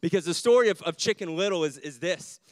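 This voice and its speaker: A male pastor, not a native English speaker, preaching a sermon in an animated way and often repeating words as he builds his points. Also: high voice, fast talker, no room sound.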